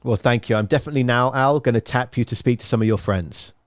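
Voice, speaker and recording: A man's voice: medium pitch, quick pace, dry recording. A man hosting a podcast and spinning long, winding stories with plenty of animation. His voice sits in a middle range. It is recorded dry and close, with no room sound. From England. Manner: rambling, animated storyteller. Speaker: podcast host. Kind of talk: casual interview chat.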